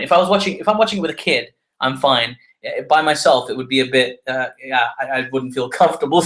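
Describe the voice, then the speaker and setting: A man's voice: mid-range voice, a bit bright, low-quality recording. Chatty man hosting a podcast. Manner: chatty, wry asides, self-correcting. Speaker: podcast host. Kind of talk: solo podcast commentary.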